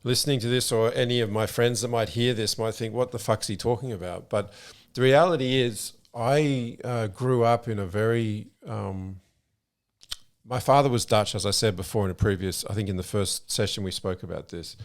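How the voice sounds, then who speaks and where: A middle-aged man with an Australian accent, co-hosting a podcast in a relaxed, frank way with casual swearing. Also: on the low side, moderate pace. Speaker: podcast co-host. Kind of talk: casual conversational storytelling.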